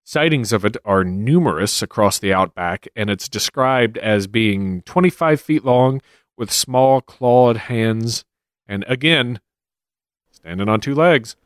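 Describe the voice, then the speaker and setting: Dry-voiced podcast co-host. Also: male voice, mid-range voice, lively intonation, slow, no room sound. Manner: reads out sighting reports with dry asides. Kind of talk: casual podcast chat.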